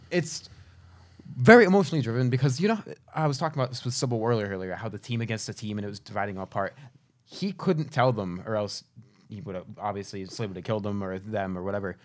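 A man in a casual chat, excitable and often trailing off mid-thought. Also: mid-range voice, fast talker.

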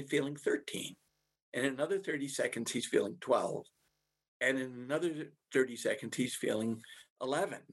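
A husky-voiced man gives a talk to parents as a family therapist. He speaks at a middling pitch and stops and restarts often. He fills the pauses with "uh" and tells stories from his practice. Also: a bit bright. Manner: halting, many filler restarts, tells anecdotes.

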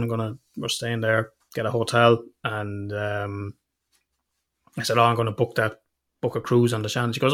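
A man's voice: on the low side, normal speed. Irish man telling stories with sweary humour. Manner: swears freely, tells stories with lively quoted voices, laughs often. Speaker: podcast host. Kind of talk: casual chat.

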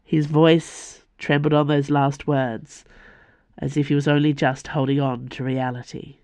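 A woman, the author, reading her own fantasy novel aloud for a podcast in a measured storytelling voice. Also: a bass voice, flat delivery, a little mellow, no echo. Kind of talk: audiobook fantasy narration.

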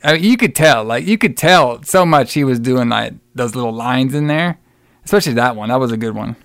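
This man's voice is medium-pitched, gravelly and a bit bright, animated and a little fast. Co-hosting a podcast, he retells a film plot in a casual review chat, swearing a lot and putting on mocking voices for the characters. The recording is dry and clean, studio style.

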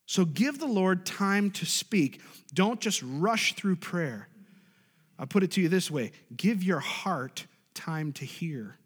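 Pastor, male, high voice, emphatic call-and-response preaching, hall reverb. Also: animated, takes it slowly, husky. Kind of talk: sermon.

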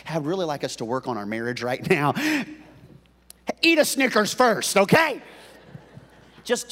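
A man preaching a sermon as pastor, folksy and joking, often stumbling and restarting his words. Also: fairly high pitch. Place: church sanctuary. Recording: long reverb of a church hall.

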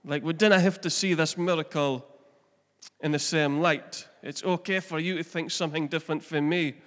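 A man's voice: on the high side, steady tone, normal speed, fairly bright tone, long reverb tail. A middle-aged man, preaching a chatty sermon that asks the congregation questions and mixes in family stories. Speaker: pastor. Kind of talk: conversational sermon.

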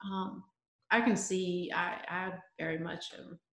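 A middle-aged woman speaks as a guest, halting and restarting, her voice often falling to a soft murmur. She talks in a roomy, echoing space. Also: on the low side, fairly even intonation. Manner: halting, breaks off mid-sentence, voice drops to near murmur. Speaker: guest, poet and mother. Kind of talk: emotional conversation. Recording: echoey room.

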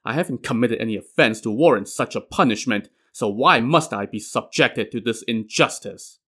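A man's voice: mid-range voice, moderate pace, fairly bright tone, husky. A man voicing a loyal, righteous elderly minister who speaks in stern, declaiming lines. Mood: indignant.

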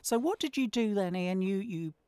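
A woman's voice: mid-range voice, animated, moderate pace, dark tone, clean tone, no room sound. A woman hosting a podcast, chatty and prompting her guest with questions. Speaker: podcast host. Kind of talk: casual interview chat.

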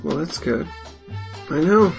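A man co-hosting a podcast in casual chat, rambling and swearing freely, with a gravelly husky voice. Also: fairly high pitch, expressive, takes it slowly, darkish tone, faint music behind. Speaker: podcast co-host.

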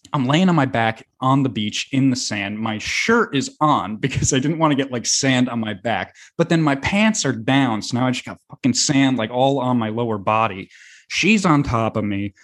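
A young American man telling a rambling, animated story on a podcast, full of fillers and swearing. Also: mid-range voice. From United States. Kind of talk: casual storytelling.

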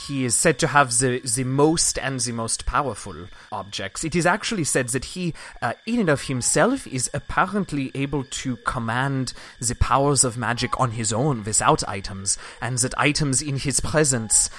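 A man's voice: medium pitch, lively intonation, normal speed, hardly any pauses, a bit bright. A man narrating as game master of a tabletop game, in loose, filler-heavy talk.

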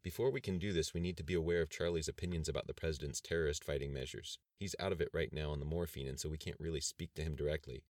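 A man's voice: extremely low pitch, fast, few pauses, a little mellow, no echo, studio quality. A man voicing an earnest male government agent in an audiobook, urgent and official.

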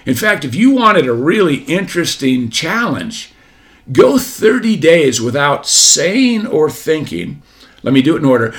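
A man in his forties gives a motivational talk in a fairly high voice. He preaches, circling back to repeated phrases and firing rhetorical questions at the listener. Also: a bit bright. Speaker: motivational speaker.

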